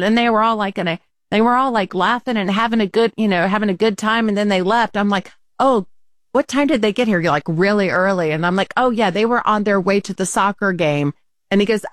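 A woman co-hosting a casual talk show, telling a story with animated quotes and laughs. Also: mid-range voice, a little fast, no echo, clean studio sound.

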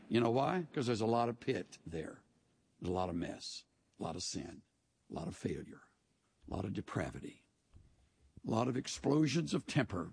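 Pastor, male, husky voice; folksy sermon storyteller with dry wit. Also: fairly low pitch.

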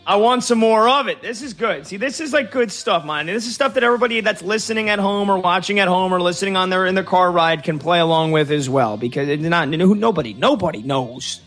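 A man hosting sports talk radio, chatty and joking, quick to slip into impressions. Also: high-pitched, fairly bright tone, faint music behind.

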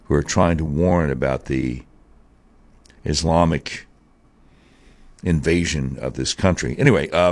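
Male talk host, very low voice, dry close sound, opinionated and drawling. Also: measured pace, pauses often, no echo. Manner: opinionated, drawling, mocking asides. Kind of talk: political talk commentary.

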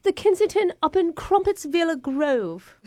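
A woman's voice: very high voice, very animated, unhurried, mellow, full character voice. A woman voicing a pompous job applicant with an over-formal, fake English accent. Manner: over-formal, affected, rambling. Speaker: radio prank caller.

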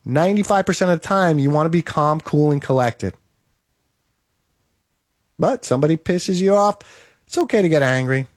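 A man's voice: fairly high pitch, moderate pace, long pauses, darkish tone, no echo, studio quality. A man giving an emphatic, repetitive motivational monologue, coaching the listener.

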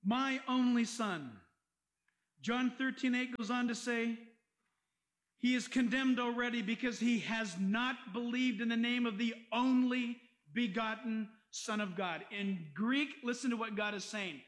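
High-voiced, emphatic male pastor preaching. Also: unhurried, poor audio. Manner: animated, emphatic preaching with Bible readings and rhetorical questions. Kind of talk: sermon.

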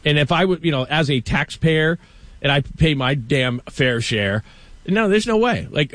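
Male sports-talk host, middle-aged, from Los Angeles, animated and emphatic, dry close mic. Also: a little high, moderate pace, dry recording. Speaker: show host.

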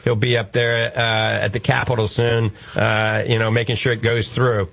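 A man's voice: mid-range voice, flat delivery, moderate pace, creaky, fairly bright tone. A man with a New Orleans accent hosting a call-in radio show, talking in a folksy, reassuring and jokey way. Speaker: radio show host, doctor.

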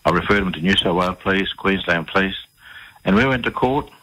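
A man's voice: sits low, brisk, pushed and bright, husky, rough recording. An Australian man telling stories in a conversational interview as the guest, acting out the dialogue and often repeating words while he searches for them.

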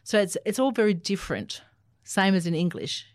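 An Australian woman, an Auslan interpreter, answering interview questions in an animated, explanatory way. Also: mid-range voice, moderate pace, dry recording, studio quality. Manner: animated, explanatory, laughs easily.

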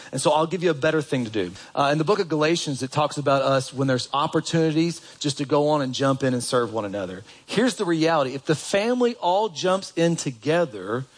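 A man preaching a sermon in a church, talking in a conversational way and putting questions to the congregation. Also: fairly high pitch. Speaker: pastor.

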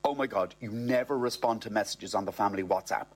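A man's voice: lowish voice, quick pace, close to an everyday voice. An exasperated wife, as a man reads her lines. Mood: chiding. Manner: chiding, coaxing. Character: exasperated wife, young woman.

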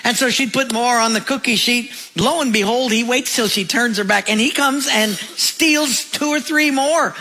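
A man's voice: very high voice, sharp tone, rough recording. A male pastor preaching a sermon, telling humorous stories and acting out the voices in them. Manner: storytelling with acted voices and humor.

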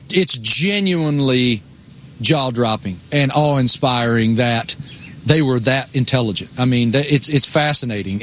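A man from the United States in casual conversation, talking earnestly with halting restarts and self-deprecating asides. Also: medium pitch, bright, forceful tone, slight background noise.

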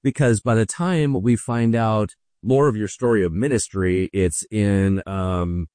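A man's voice: fairly low pitch, a little slow, dark tone, dry recording, clean studio sound. A man, a pastor hosting an interview program, speaking in an encouraging, affirming way to his guest.

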